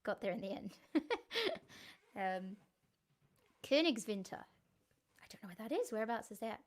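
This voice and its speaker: A woman's voice: medium pitch, expressive, a little slow. Chatty, giggly woman streaming. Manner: chatty, giggly, easily sidetracked. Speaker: singer-songwriter hosting a live stream. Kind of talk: casual chat to viewers.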